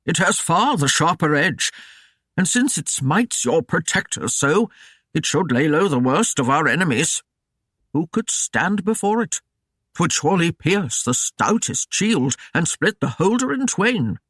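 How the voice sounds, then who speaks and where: A grumbling old father in an audiobook, sour-mouthed and dryly mocking, as the reader lowers the voice for him. He speaks slowly and deliberately. The recording is close and dry. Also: big pitch swings, a bit bright, breathy edge, no room sound, heavily acted. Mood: sour mockery. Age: older. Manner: sour, slow, dry jesting.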